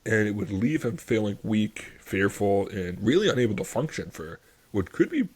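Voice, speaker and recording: Husky low-voiced man on a history podcast. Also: lively intonation, moderate pace. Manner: enthusiastic, rambling, lots of fillers. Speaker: podcast host. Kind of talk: casual history podcast chat.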